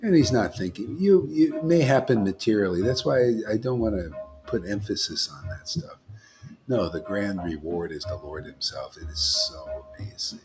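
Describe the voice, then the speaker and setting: A monk leading a devotional gathering gives a rambling, informal talk, often checking in with listeners by asking "you know?" His voice is fairly low and animated at a moderate pace. Music plays behind him.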